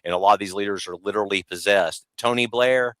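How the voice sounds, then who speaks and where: A man in his fifties, a podcast guest talking in an animated, emphatic way with mocking asides. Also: fairly low pitch, fast talker, no room sound. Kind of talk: casual conversation.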